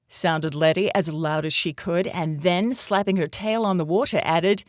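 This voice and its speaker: A woman reading a children's story aloud in an animated storytelling voice. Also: fairly low pitch, normal speed, few pauses, no echo, studio quality. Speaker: storybook reader.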